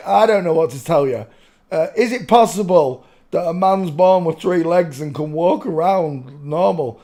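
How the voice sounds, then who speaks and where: A man talking casually to his viewers on his own channel. His voice sits a little high, and he rambles with restarts and the odd curse. He often slips into giggling. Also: unhurried, mellow. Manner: rambling, swearing, prone to giggling fits. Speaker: channel host. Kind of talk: casual commentary.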